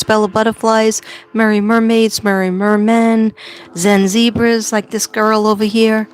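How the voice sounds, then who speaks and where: A woman's voice: a little high, flat delivery, a little slow, clear, resonant tone. A woman hosting a casual livestream from home, chatty and rambling, laughing often. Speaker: livestream host.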